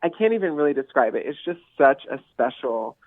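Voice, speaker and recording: A man's voice: medium pitch, very animated, a little fast, dry recording. A man, an actor, being interviewed about his film, giggly and effusive, rambling as he talks. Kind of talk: casual interview. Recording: tinny phone line.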